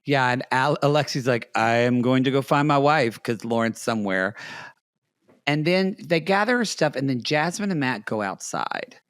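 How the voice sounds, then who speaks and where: A man's voice: medium pitch, animated, normal speed, a bit bright, smooth, dry recording. Man, podcast co-host, blunt chatty recap, dry close sound. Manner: chatty and blunt, agrees readily, swears casually. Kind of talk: casual reality TV recap chat.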